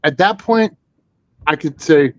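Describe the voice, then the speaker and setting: A man's voice: on the high side, animated, slow pace, no echo, muffled recording. A man telling a story as a guest on a live stream, rambling with many fillers and restarts. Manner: rambling, full of 'you know' and restarts.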